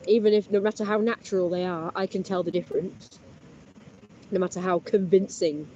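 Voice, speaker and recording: Beside a canal, someone rambles casually in a chatty, boasting vlog monologue that drifts from topic to topic. The voice is medium-pitched, warm, fairly quick, and fairly even, with a little hiss or hum in a slightly muffled outdoor recording with a faint background.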